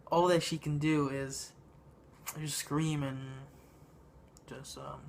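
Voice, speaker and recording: A man giving a casual spoken movie review, halting and meandering, with lots of ums and uhs. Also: fairly high pitch, little pitch movement, gravelly, a little hiss or hum. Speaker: film reviewer.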